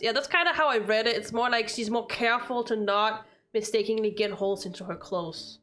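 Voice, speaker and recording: A woman's voice: on the high side, brisk, few pauses, fairly bright tone, faint music behind. A young woman streaming a visual novel, reading the story text aloud and chatting casually with a friend, laughing often.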